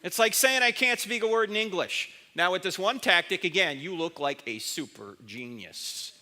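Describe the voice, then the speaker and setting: A man speaking at a university chapel, with a notably high and piercingly bright voice. He is emphatic and quizzes his audience, sometimes slipping into the voices of imagined objectors. The sound carries a long reverb from the hall. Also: expressive, normal speed. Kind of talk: university chapel talk on apologetics.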